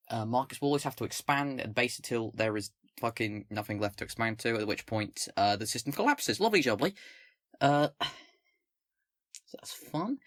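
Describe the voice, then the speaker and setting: A man's voice: mid-range voice, a bit bright, no room sound. Rambling English man, dry close mic. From England, not the North. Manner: rambling, halting, many fillers and restarts. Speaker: political commentary host. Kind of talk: casual commentary with manifesto reading. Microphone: own microphone, close.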